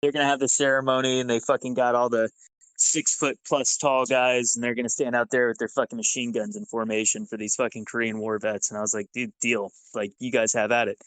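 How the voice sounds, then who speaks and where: A man's voice: mid-range voice, fairly quick, no echo, low-quality recording. Ex-soldier guest, male, casual and profane, acts out every quote, dry mic. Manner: profane, animated, acts out dialogue. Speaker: podcast guest, former Army sergeant. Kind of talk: casual storytelling.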